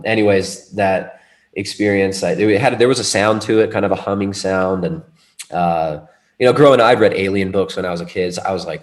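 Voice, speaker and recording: A man in casual conversation, telling a long personal story in a rambling, animated way with many restarts. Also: low voice, moderate pace.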